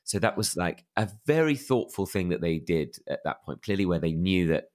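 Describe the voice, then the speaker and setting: A man's voice: low-pitched, lively intonation, normal speed, darkish tone. A man with a plummy, posh English accent, candidly telling personal stories as an interview guest, self-deprecating, with lots of fillers and restarts. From England.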